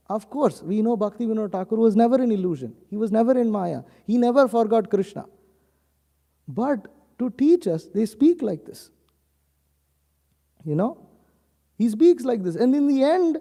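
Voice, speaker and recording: A man's voice: sits high, vocal fry, dark tone. A man giving a scripture class, reciting verses and then translating and explaining them. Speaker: preacher. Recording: long hall reverb.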